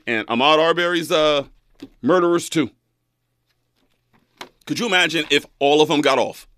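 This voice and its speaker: A man in his twenties hosting a talk radio show, animated and folksy, laughing often. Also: on the high side, moderate pace. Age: 20s.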